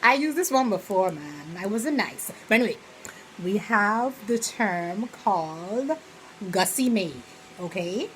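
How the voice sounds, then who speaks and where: A young woman with a Bahamian accent talks through a casual vlog in a relaxed, rambling way. Her voice sits in a middle pitch, and she often breaks into animated little quoted examples. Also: a little slow, slight background noise, rough recording. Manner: chatty, rambling, full of "you know" fillers; slips into lively quoted examples. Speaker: vlogger.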